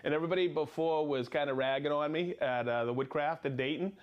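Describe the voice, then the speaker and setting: A man hosting a live product show, chatting energetically, joking and laughing often as he reads out viewer shout-outs. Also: a little high, fast, highs cut off. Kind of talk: lively live-stream chat reading viewer shout-outs.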